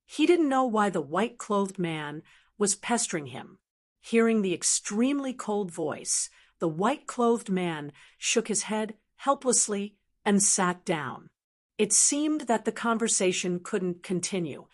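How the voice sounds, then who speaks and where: A woman narrating a fantasy audiobook in a steady, even storytelling manner. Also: medium pitch, unhurried. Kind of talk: scripted narration.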